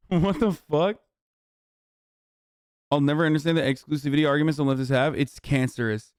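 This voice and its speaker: Profane, heated streamer man, crisp dry voice. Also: a little high, normal speed, long pauses, no room sound. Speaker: streamer host. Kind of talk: casual livestream commentary.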